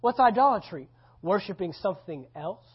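A man's voice: sits high, animated, normal speed, slightly rough. Conversational, emphatic male pastor preaching. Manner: conversational, emphatic, repeats key phrases. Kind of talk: sermon. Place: church service. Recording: slightly dull lo-fi recording.

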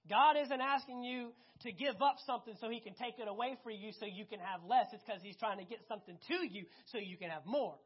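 A preacher in full sermon mode, stressing points by repeating them and dropping from loud to hushed. The voice is husky and mid-pitched. It comes through a dull, lo-fi recording. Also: fairly quick, hardly any pauses. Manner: animated, emphatic, repeats key phrases, swings between loud and hushed.

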